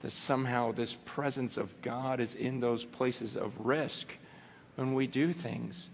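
A male pastor preaching a sermon, impassioned, building to near shouts and then dropping low and quiet. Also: fairly even intonation, takes it slowly, gravelly, a little hiss or hum. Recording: long hall reverb.

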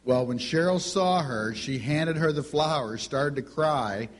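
A man's voice: fairly high pitch, a little slow. A middle-aged man giving a teaching talk on Christian parenting, telling family stories and acting out the dialogue. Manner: storytelling, acts out family dialogue.

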